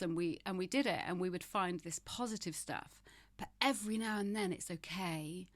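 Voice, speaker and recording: A woman's voice: fairly low pitch, moderate pace, hardly any pauses, no echo. Frank, emphatic woman in her fifties. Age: 50s. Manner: frank and emphatic, with wry humor. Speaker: guest. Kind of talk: candid interview conversation.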